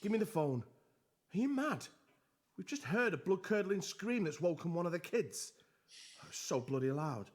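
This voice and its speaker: A man's voice: high-pitched, sing-song, normal speed, long pauses. A man playing an irritable British neighbour. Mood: tense. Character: irritable male neighbour named Paul.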